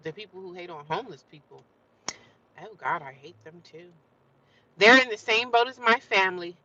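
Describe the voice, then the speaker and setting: A woman's voice: medium pitch, lively intonation, normal speed, sharp tone, muffled recording, a little hiss or hum. A woman ranting on a live stream, emphatic and fiery, repeating and drawing out her phrases. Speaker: livestreamer.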